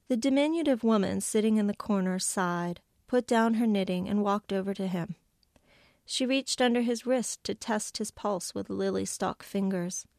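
A woman author reading a passage from her novel aloud, measured, lightly voicing the characters' lines. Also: medium pitch, creaky, no echo, studio quality. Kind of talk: literary reading.

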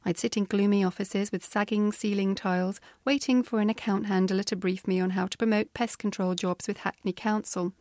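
A woman's voice: medium pitch, a little mellow, dry recording. A woman with a British accent reading her own memoir aloud with wry, dry humor. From Britain. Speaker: author.

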